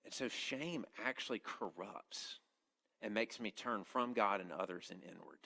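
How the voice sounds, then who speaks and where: A man delivers a sermon in an earnest, conversational way, often stopping and restarting his phrases. His voice sits low and has a gravelly edge. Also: measured pace, pushed and bright. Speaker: campus minister preaching.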